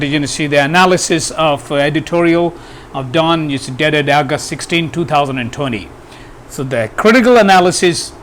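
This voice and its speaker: An English teacher gives a grammar lesson in a slightly high, fairly bright male voice, with a little background noise. He sounds hesitant, filling his speech with fillers and restarting often.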